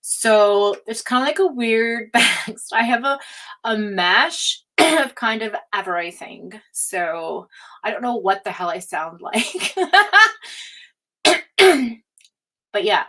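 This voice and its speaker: A woman's voice: fairly high pitch, lively intonation, takes it slowly, bright, forceful tone. A middle-aged woman from Canada chatting casually on a live tarot stream, laughing often and reading chat aloud.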